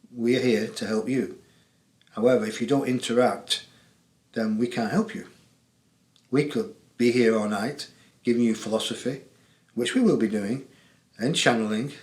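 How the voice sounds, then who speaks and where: A chatty English man hosts a call-in show on spiritual matters, talking straight to his viewers. He jokes a lot and laughs easily, at an ordinary middle pitch, and his voice carries the echo of the room. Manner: chatty, jokey, laughs often. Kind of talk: casual monologue to viewers.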